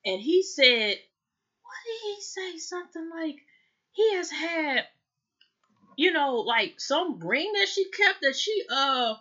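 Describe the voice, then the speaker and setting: A woman's voice: very high-pitched, very animated, slow, sharp tone, muffled recording. A woman hosting a casual TV recap, rambling and chatty, often calling out to viewers. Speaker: reality TV review host.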